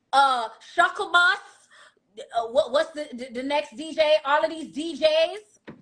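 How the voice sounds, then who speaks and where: A woman's voice: high-pitched, fairly bright tone. A woman giving blunt dating advice in a casual monologue, lecturing and asking rhetorical questions.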